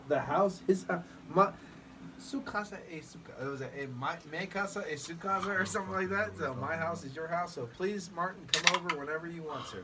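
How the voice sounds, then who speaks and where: A man co-hosting a podcast, chatting casually with loud swearing banter and frequent laughter. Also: on the high side. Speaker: podcast co-host. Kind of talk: casual chat. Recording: distant mic with background noise.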